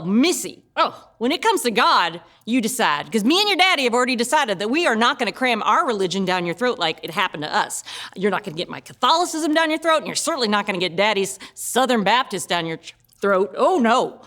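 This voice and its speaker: A woman's voice: fairly high pitch, fairly bright tone. A woman voicing an outspoken mother who talks in a chatty, emphatic way. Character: breezy, outspoken mother of a young girl.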